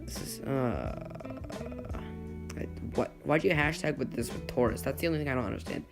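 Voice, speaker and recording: A man's voice: mid-range voice, animated, moderate pace, creaky. A man giving casual comedic commentary, sarcastic and incredulous, laughing at his own jokes. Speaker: YouTuber reading and mocking Reddit posts. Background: guitar music.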